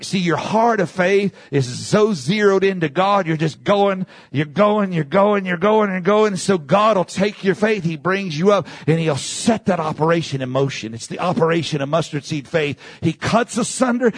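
Male preacher, gravelly husky voice, repeats phrases, swings from shouts to low quiet passages. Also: no room sound. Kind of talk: sermon.

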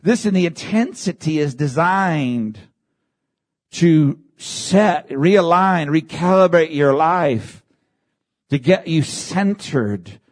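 Animated male preacher with soaring pitch. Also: slow pace. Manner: preaching with big swings in pitch, shouting at peaks; addresses congregation with calls of amen. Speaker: pastor. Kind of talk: sermon.

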